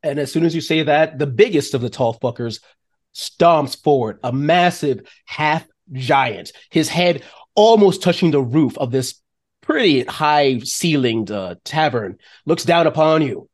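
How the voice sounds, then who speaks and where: A man narrating a tabletop game as game master, animated and descriptive, with frequent fillers. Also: fairly high pitch, unhurried.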